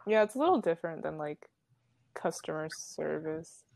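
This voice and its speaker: A young woman in a casual chat with friends, speaking in a dry, low-key way. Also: expressive, normal speed, gravelly, a little mellow, no echo.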